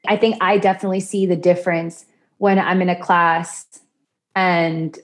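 A woman who teaches yoga and mantra appears as a podcast guest, chatting about chanting practice in a conversational interview. She laughs often and acts out quoted voices, speaking at normal speed in a fairly low voice with fairly even intonation.

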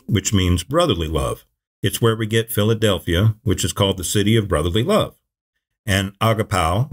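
A man preaching in a Bible teaching video, with measured, emphatic phrasing and repeated scripture quotations. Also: fairly low pitch.

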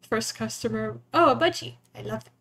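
Giggly high-voiced woman streamer. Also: gravelly, a bit bright. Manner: giggly, quick, often laughing. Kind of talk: casual let's-play chat, reading game text.

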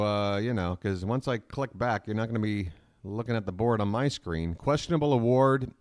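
A man hosting a live stream from home, talking straight to his chat in a rambling, hurried way. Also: medium pitch, no room sound, studio quality.

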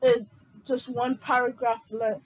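A woman reading her own homemade script aloud, halting and losing her place. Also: on the high side, flat delivery, slightly rough, poor audio. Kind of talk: casual amateur script reading.

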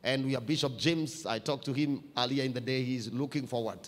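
Pastor preaching in a reverberant hall. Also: male voice, a little fast. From Kenya. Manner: preaching that climbs louder and higher while reading scripture. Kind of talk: sermon. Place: church hall.

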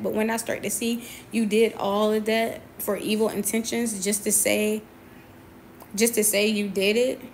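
A woman's voice: a little high, normal speed, slight background noise. A young adult woman, a boxer, venting to camera in a confrontational, emphatic way, often repeating her points. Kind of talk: personal venting monologue.

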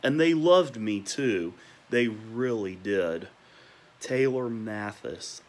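Young man, low voice, slow unhurried talk, emotional nostalgic rant, home at night. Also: a little hiss or hum. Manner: emotional, repetitive, listing names with gushing praise; talking quietly at times because parents are asleep. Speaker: vlogger.

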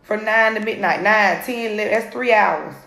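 A woman, coaching viewers on a live phone video from home, energetic and repeating her points. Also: mid-range voice, normal speed, gravelly. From Atlanta area, US. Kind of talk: live social media coaching. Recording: roomy phone recording.

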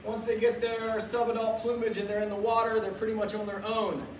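A man's voice: high voice, little pitch movement, fairly quick. A man presenting as a zookeeper, talking upbeat and chatty through a face mask inside a zoo birdhouse. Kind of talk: casual educational live stream. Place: indoor zoo birdhouse with penguins. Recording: echoey room, distant mic, faint noise.

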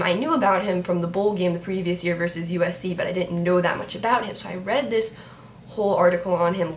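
A young woman reacting to a sports draft on her vlog, chatty and excitable, talking to her viewers. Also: on the low side. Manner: excitable, talks to viewers, repeats herself. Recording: roomy echo, faint background noise.

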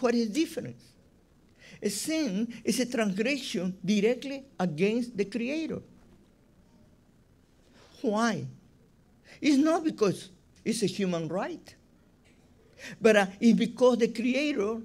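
A man for whom is a delivers a rabbi's sermon. He speaks at a slow, unhurried pace, and his voice sits high for a man. He stresses points emphatically, often repeating words as he builds his argument. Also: lively intonation, a little mellow. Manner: emphatic, repeats words, non-native phrasing.

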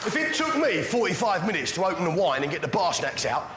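A man's voice: high-pitched, big pitch swings, fast talker. A British man doing a brash, sweary stand-up routine, quizzing the audience. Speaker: stand-up comedian. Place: comedy venue. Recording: roomy club, loud crowd noise.

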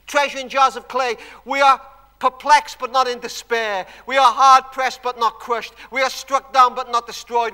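A man preaching a sermon in a church, telling stories emphatically and dropping to hushed tones. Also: extremely high pitch. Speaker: guest preacher. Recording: long church hall reverb.

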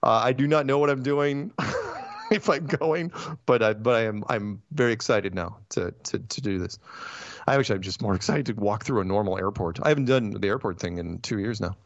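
Male host with a lively, ranting delivery, dry and slightly muffled stream audio. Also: lowish voice, no echo. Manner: animated, ranting, quick asides and restarts. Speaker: podcast host. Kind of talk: casual chat.

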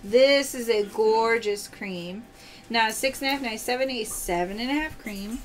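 A woman's voice: on the high side, moderate pace. A woman hosting a live-stream pearl sale, opening oysters and cheerfully calling out prizes and pearl sizes to viewers. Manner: upbeat, cheery, calls out prizes. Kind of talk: live-stream selling chat.

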